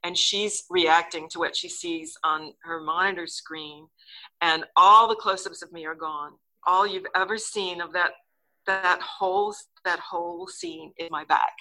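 An older woman, an actress and interview guest, telling a story in a casual, lively way and acting out the lines she quotes. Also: unhurried, low-quality recording. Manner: lively, acts out quotes with big pitch jumps.

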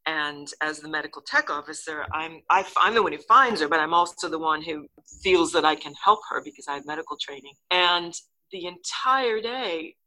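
An older woman, an actress and interview guest, telling a story in a casual, lively way and acting out the lines she quotes. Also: normal speed, rough recording. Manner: lively, acts out quotes with big pitch jumps.

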